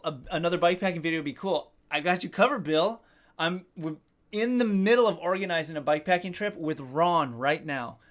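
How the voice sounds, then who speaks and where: Male streamer in his thirties, slightly high pitch, loose jokey chat with viewers. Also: fairly bright tone. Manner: joking, self-deprecating, swears casually. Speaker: livestream host. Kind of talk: casual live-stream chat reading comments.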